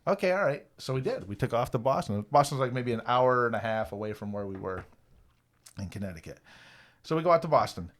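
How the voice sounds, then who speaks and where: Man, fifties, casual podcast storyteller, rambling, swears a lot, middle pitch. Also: quick pace. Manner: rambling, profane, animated when quoting people.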